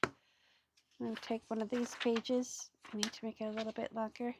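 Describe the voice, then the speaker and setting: Female craft host, slightly high voice, loose chatty live-stream delivery. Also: flat delivery, moderate pace, noisy background. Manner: chatty and rambling, greets viewers while working. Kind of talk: casual live crafting chat.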